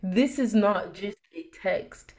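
A woman's voice: medium pitch, takes it slowly, darkish tone. A woman host talking about faith in an affirming, emphatic way. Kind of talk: casual faith talk.

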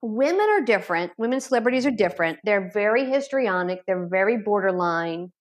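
A woman's voice: medium pitch, lively intonation, fairly quick. A woman who works as an addiction therapist, telling blunt, matter-of-fact stories as an interview guest. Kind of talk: candid storytelling in an interview.

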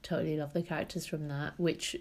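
A young woman co-hosting a podcast while sick, her nose blocked and her voice sitting a little low. She chats loosely and jokes about feeling awful. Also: level tone, fast, a little mellow. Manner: chatty, laughing, self-mocking. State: congested, sick with a cold. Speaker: podcast co-host. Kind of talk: casual chat.

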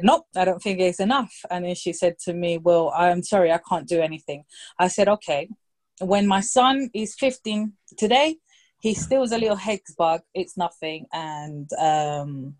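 A woman in her thirties telling a story in casual chat, lively and anecdotal, slipping into quoted voices for the people in it. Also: on the low side, normal speed. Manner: lively anecdotal storytelling, quoting others in brief put-on voices.

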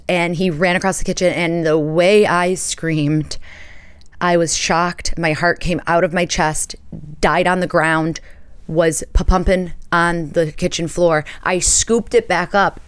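A woman's voice: fairly low pitch, clean tone, no room sound. A woman in her thirties from the United States hosting a podcast, chatting casually and telling stories with playful asides. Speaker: podcast host. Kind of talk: casual chat.

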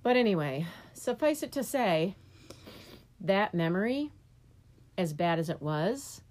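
A woman's voice: mid-range voice, big pitch swings, unhurried, darkish tone. A middle-aged woman chatting casually as a podcast co-host, telling self-deprecating stories. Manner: self-deprecating, storytelling, talks while eating. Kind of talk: casual chat.

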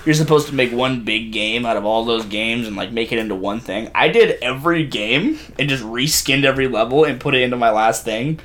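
A young man in casual chat, telling animated stories, swearing freely and laughing often. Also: mid-range voice, brisk, hardly any pauses, slight background noise.

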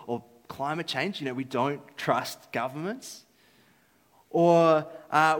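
A man's voice: on the high side, a bit bright. A man giving a casual, filler-filled talk about trust at a church gathering. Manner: casual, chatty with many fillers. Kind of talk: sermon-style talk. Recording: echoey hall.

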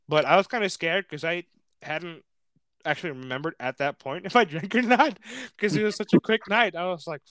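A man's voice: on the high side, lively intonation, a little fast, a bit bright, clean tone, no room sound, clean studio sound. A young man telling a story in casual chat, swearing often, laughing, and acting out what others said. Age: young adult.

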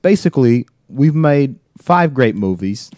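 Man putting on a rough Cockney voice for an earnest young British actor, raised pitch. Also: expressive, a little slow, dark tone, no echo, studio quality, lightly acted. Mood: upbeat. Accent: put-on Cockney British.

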